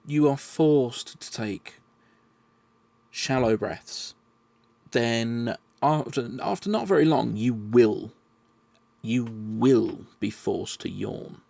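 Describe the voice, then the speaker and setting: A man explaining his answers in a measured, patient monologue, often restarting his phrases. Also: medium pitch, gravelly, a little mellow, no room sound. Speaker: vlogger answering questions.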